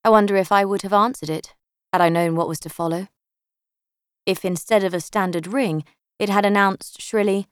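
Brief: woman, first-person audiobook narrator, wry and dry-humoured, mid-pitched, dead-dry close recording. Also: fairly even intonation, moderate pace, clean tone, no room sound. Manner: wry, dryly sardonic storytelling.

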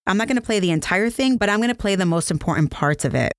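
A woman's voice: mid-range voice, expressive, fast talker, dry recording, studio quality. A woman hosting a true crime podcast, explaining directly to her listeners. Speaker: podcast host.

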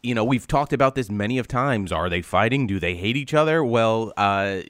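Guy co-hosting, deep-ish voice, lots of um and like, dry sound. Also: expressive, fairly bright tone, dry recording. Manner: rambling, halting with fillers. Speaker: co-host. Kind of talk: casual chat.

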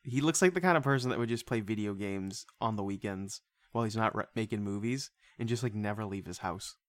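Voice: medium pitch, fairly quick, no room sound. A podcast co-host in casual chat, rambling and joking crudely while laughing a lot.

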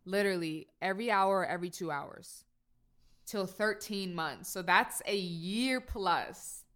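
A woman's voice: mid-range voice, a little slow, a bit bright. A woman talking casually and reflectively about her life as a mother. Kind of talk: casual chat.

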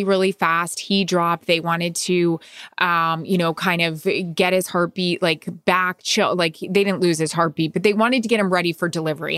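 Female podcast co-host, lower voice, dry close mic, heartfelt storyteller with excited spikes. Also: no echo. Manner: emotional storytelling with excited bursts. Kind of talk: casual chat.

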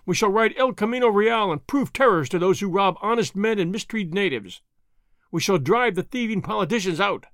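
A man voicing a bold masked highwayman who speaks in a lofty, commanding, scornful way in a storybook reading. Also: lively intonation, a little fast, fairly bright tone, no echo, clean studio sound.

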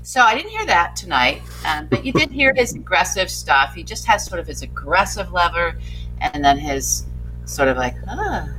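A woman panel guest giving animated political commentary, vivid and given to laughter. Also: on the low side, normal speed, faint music behind, poor audio.

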